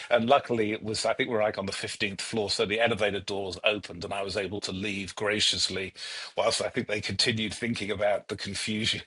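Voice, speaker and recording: This middle-aged man from the United Kingdom is an HR executive guesting on a podcast, spinning stories in a relaxed interview format. He speaks with a fairly low pitch, a sharp tone and a breathy edge, sprinkling in plenty of ums as he pokes fun at himself in a chatty way.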